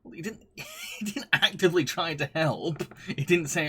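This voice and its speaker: A man's voice: fairly high pitch, normal speed, breathy edge. A man streaming live, chatting casually and reading viewer comments, often laughing and gushing with frequent restarts.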